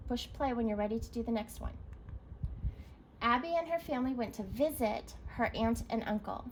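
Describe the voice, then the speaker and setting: A woman's voice: a little high, slight background noise, low-quality recording. A woman teacher leading a recorded reading lesson for young children, encouraging and spelling words out letter by letter.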